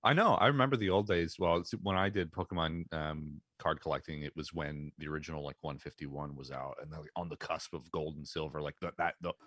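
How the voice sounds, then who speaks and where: Male co-host from Pennsylvania, deep and relaxed, dry close sound. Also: brisk, hardly any pauses, no echo. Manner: relaxed, hesitant with fillers. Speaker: podcast co-host. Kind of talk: casual podcast chat.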